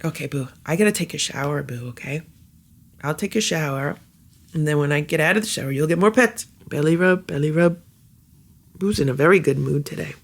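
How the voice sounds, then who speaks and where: Creaky-voiced cat vlogger. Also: mid-range voice. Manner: chatty, halting with many fillers; soft baby talk to cats. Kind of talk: casual vlog chat. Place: home with cats.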